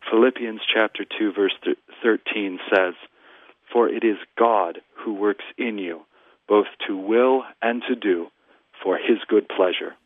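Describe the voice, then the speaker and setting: Male pastor guest, low voice, earnest scripture teaching, dry thin phone-line sound. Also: a little slow, no room sound. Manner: earnest, quotes scripture at length. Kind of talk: teaching a scripture lesson on radio.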